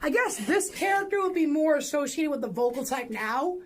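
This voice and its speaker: A woman's voice: high-pitched, animated, normal speed. A woman streaming casually while pedaling an exercise bike, joking and swearing with chat.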